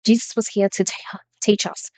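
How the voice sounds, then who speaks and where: A woman's voice: medium pitch, little pitch movement, normal speed, a little mellow, dry recording. A woman giving a spiritual tarot reading to her viewers, talking earnestly and with emphasis, often repeating phrases. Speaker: tarot reader.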